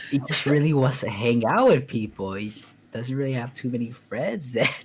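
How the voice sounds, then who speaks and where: A man's voice: medium pitch, big pitch swings, a little slow, noisy background. A man casually telling a story in a voice chat, often laughing as he goes. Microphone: computer mic in a voice chat.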